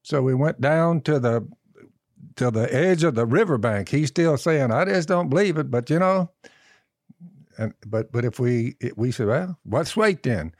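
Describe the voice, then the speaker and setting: Guy spinning folksy yarns, mid-pitch voice, real dry close sound. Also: animated, a little slow, a little mellow, no room sound. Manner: folksy, acts out both sides of conversations. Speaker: podcast co-host. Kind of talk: casual storytelling.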